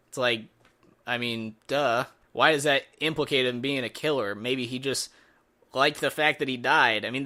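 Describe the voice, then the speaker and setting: A man's voice: mid-range voice, sharp tone. A man giving a casual spoken movie review in a sarcastic, exasperated way.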